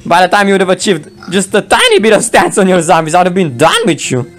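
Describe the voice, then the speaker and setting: A man giving playful, excitable game commentary, laughing often and throwing in mock roars while he voices both sides of a match. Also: high voice, fast talker, soft background music. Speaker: gameplay commentator.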